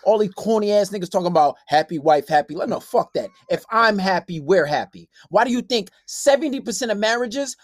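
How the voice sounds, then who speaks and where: A man's voice: sits high, animated, a little fast, hardly any pauses, dry recording, clean studio sound. A young man hosting a casual dating-advice podcast, brash, profane and preachy in his delivery. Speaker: podcast host.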